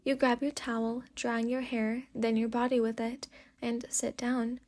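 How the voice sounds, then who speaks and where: Sleepy lady reading a story to you, whispered role-play, kinda high voice. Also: flat delivery, unhurried. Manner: soft, sleepy second-person storytelling. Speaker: fanfic reader.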